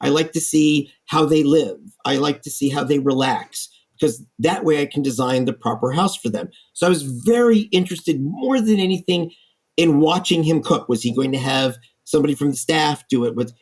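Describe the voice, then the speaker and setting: A man, an architect guest, telling stories in a lively, animated way in a podcast interview. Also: a little high, moderate pace, husky. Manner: lively storyteller, acts out quoted voices.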